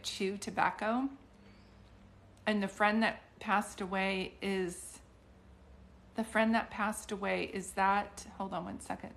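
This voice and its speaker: A middle-aged woman doing psychic readings on a live stream, talking in a chatty, rambling way with many restarts and fillers. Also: mid-range voice.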